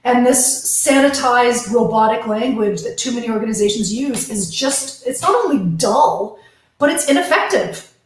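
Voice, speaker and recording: A Canadian woman co-hosts a loose book chat, opinionated and quick with asides. Her voice sits a little high. The room around her rings with heavy echo. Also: animated. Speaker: podcast co-host. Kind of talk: casual chat about a book. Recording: very echoey room.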